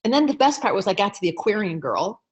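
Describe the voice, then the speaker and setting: A middle-aged woman astrologer telling a story to an audience in a lively way, acting out quoted lines and clearing her throat now and then. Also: quick pace, dull audio. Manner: lively storyteller, acts out quotes with raised pitch. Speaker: astrologer and teacher.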